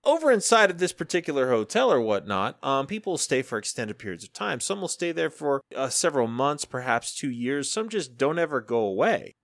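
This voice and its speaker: A man's voice: mid-range voice, very animated, a little fast, hardly any pauses, fairly bright tone, no room sound. A man hosting a podcast in a casual, rambling monologue, swearing freely, laughing often and acting out quoted dialogue. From Florida, US. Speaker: podcast host.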